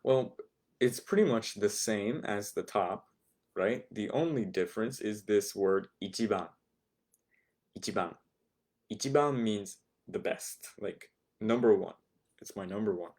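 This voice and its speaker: A man's voice: lowish voice, measured pace, darkish tone. A young man teaching a language class, explaining patiently and repeating each phrase for his students. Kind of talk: recorded online lesson.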